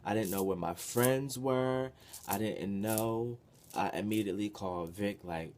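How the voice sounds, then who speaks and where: A young man tells a wild story from his past to the camera. His voice sits fairly low, and he swings from muttering to loud, profane outbursts. It has the feel of a casual vlog. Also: unhurried, a little hiss or hum. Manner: animated, profane, expressive with sudden loud bursts. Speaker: vlogger.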